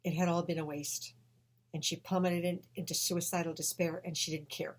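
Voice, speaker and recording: A woman's voice: lowish voice, flat delivery, moderate pace. Emphatic woman telling a story. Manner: emphatic, swings between hushed and loud, swears. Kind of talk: emotional personal storytelling.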